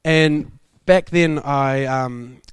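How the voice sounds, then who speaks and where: A young man preaching a sermon, telling stories in a lively way and laughing often. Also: medium pitch, very slow, smooth, no room sound. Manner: animated, laughing storyteller. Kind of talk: sermon storytelling.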